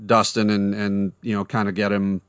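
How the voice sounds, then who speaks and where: A man's voice: fairly low pitch, level tone, moderate pace, clean tone, dry recording. A man co-hosting a podcast in casual chat, blunt and indignant, careful about exact terms. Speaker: podcast co-host.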